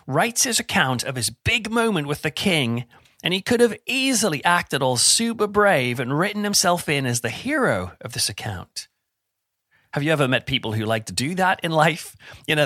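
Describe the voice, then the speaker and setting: A middle-aged man giving an informal Bible talk in a chatty, animated way with self-deprecating humour. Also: medium pitch, dry recording, clean studio sound. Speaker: preacher.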